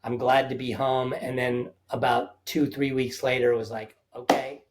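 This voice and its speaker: A man's voice: medium pitch, little pitch movement, normal speed, noisy background. A man speaking as a guest on an interview podcast, earnest and reflective, laying out his points one by one. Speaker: guest, safari company founder. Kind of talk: conversational interview answers.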